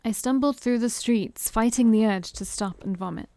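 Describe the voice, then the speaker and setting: A woman's voice: fairly high pitch, moderate pace, warm tone, no room sound. A woman playing a visual novel on stream, reading its narration aloud and breaking off to joke and laugh at it. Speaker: game streamer.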